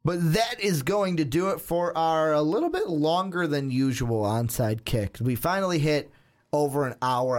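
A man hosting a casual sports podcast, rambling through anecdotes with quoted asides. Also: on the high side. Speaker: podcast host.

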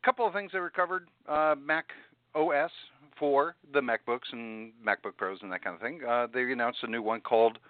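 A man's voice: brisk, dry recording. Playful male co-host on a thin, dry line. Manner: playful, animated, jumps in pitch when joking. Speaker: podcast co-host. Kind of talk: casual chat. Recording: dry phone-like sound.

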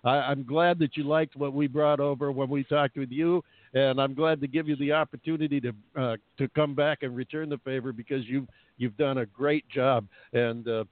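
A man's voice: mid-range voice, steady tone, moderate pace, hardly any pauses, no room sound. A man hosting a radio talk show, chatty and jokey, laughing often as he talks. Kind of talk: casual radio chat. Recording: phone-like narrow sound.

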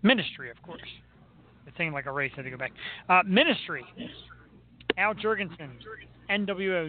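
Man, podcast host, casual music chat, high lively voice, goofy, tinny phone-like sound. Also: fairly quick. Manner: goofy, breaks into silly sung and spoken imitations.

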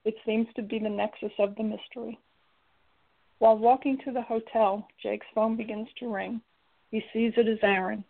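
A woman narrating a story in a steady, even reading. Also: on the high side, moderate pace, gravelly. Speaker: audiobook narrator. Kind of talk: scripted narration. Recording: tinny lo-fi recording.

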